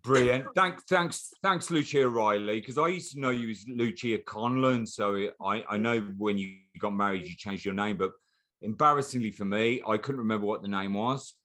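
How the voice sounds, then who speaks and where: Low-voiced teasing male podcast host. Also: moderate pace, a bit bright. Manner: chatty and teasing, with frequent restarts. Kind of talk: casual chat.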